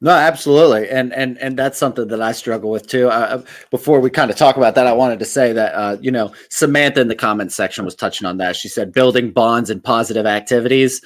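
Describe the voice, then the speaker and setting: A man's voice: mid-range voice, fast, few pauses. A male host in a recovery-themed conversation, asking thoughtful, reflective questions with many fillers. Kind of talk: interview conversation.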